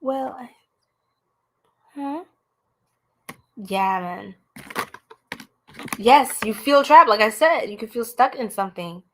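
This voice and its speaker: A woman's voice: fairly high pitch, slow pace, pauses often. American lady doing a live tarot stream, chatty, talks to the chat like friends. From United States. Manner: chatty, animated, talks straight to viewers as y'all. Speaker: tarot reader.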